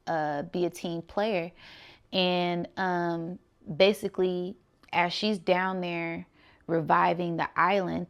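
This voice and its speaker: A woman's voice: on the low side, gravelly. A woman recapping a movie plot in a casual vlog, retelling scenes eagerly and repeating words for emphasis. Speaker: movie reviewer.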